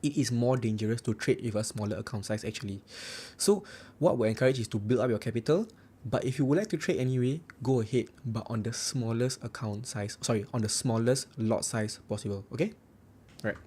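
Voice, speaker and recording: Chatty Singaporean man, mellow voice. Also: medium pitch, fairly quick, slightly rough. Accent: Singaporean English. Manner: chatty, repeats "right" often, blunt and joking. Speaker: forex trading livestream host. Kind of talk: casual livestream chat reading viewer comments.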